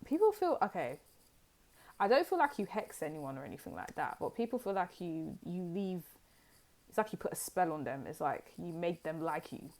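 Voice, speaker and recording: Chatty lower-voiced woman reading tarot. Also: sing-song, normal speed, darkish tone. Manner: chatty and rambling, with many fillers. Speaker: tarot card reader. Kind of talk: casual pick-a-card tarot reading.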